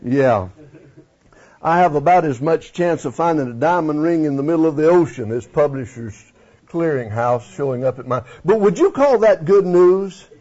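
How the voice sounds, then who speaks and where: A man preaching a folksy, animated sermon in church, questioning his congregation. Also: fairly high pitch, moderate pace, husky. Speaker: pastor. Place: church sanctuary. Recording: dull lo-fi sound.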